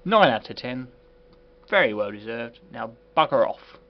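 A man's voice: medium pitch, animated, unhurried, gravelly. A man doing a comedic game review in a put-on posh voice, sarcastic and full of swearing. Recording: dull lo-fi recording with faint hiss.

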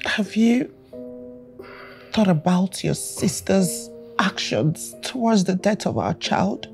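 A woman's voice: medium pitch, animated, takes it slowly, creaky, soft background music. A woman playing a grieving young mother who curses and wails, in a film drama. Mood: pleading. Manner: wailing, cursing, shouting.

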